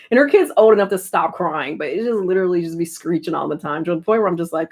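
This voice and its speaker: A woman's voice: fairly low pitch, animated, quick pace. Laughing, chatty young American woman. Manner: laughs often while telling stories. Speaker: streamer. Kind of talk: casual chat.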